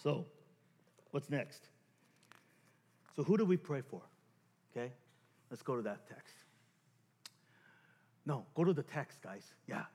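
A man preaching a sermon as pastor, animated and self-mocking as he acts out scenes from his story. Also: fairly high pitch, measured pace, big-room sound.

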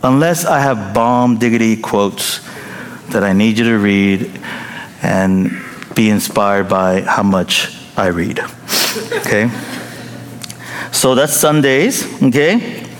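Slow-paced pastor in a reverberant hall. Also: male voice, on the low side. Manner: playful, joking, chuckles often. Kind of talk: sermon. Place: large church hall. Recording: reverberant hall with faint noise.

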